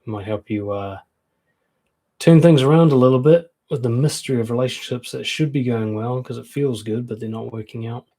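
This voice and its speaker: A man's voice: mid-range voice, fairly quick, warm tone. A man, a dating and confidence coach, giving frank, conversational advice and acting out quoted comebacks. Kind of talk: casual advice talk to camera.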